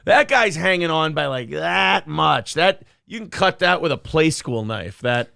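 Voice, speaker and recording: A man's voice: fairly high pitch, animated, unhurried, gravelly, sharp tone, dry recording, clean studio sound. A man hosting a morning show, chatting casually and jokingly, acting out little bits in character voices. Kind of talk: casual comedic chat.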